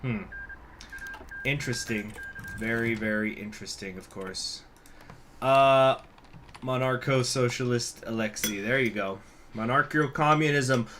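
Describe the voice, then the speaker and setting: A man's voice: mid-range voice, lively intonation, unhurried, a bit bright, slight background noise. A man giving casual, rambling let's-play commentary, joking and swearing freely. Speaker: game streamer.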